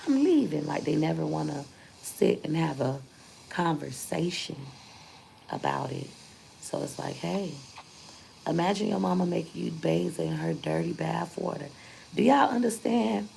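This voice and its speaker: Woman, young adult, low gravelly voice, emphatic, candid vlog talk. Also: dark tone, a little hiss or hum, low-quality recording. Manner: candid, emphatic, repeats points for force. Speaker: vlogger. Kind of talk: casual storytelling to viewers.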